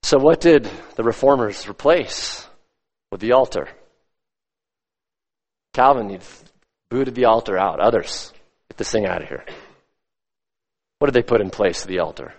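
A man pastor preaching a sermon with emphatic delivery that swells loud and drops low. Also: animated, moderate pace, long pauses. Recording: long reverb of a large hall.

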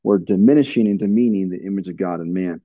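A man's voice: low voice, fast, dry recording, lo-fi sound. A middle-aged man teaching in a plainspoken sermon style, earnest, with frequent fillers and restarts. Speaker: pastor.

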